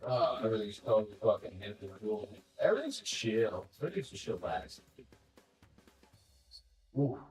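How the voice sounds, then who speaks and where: A man's voice: on the low side, big pitch swings, moderate pace, long pauses, a little mellow. A man rambling casually to his chat while he paints, talking to himself and swearing freely. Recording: roomy sound from a distance, music behind.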